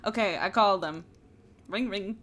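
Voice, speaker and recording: A woman's voice: mid-range voice, unhurried, a bit bright, a little hiss or hum. A woman playing in a tabletop game, giggly and self-deprecating. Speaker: player.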